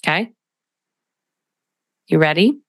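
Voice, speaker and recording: A woman's voice: low voice, expressive, takes it slowly, no echo. A woman hosting a solo podcast, speaking as a coach in a direct manner with emphatic asides.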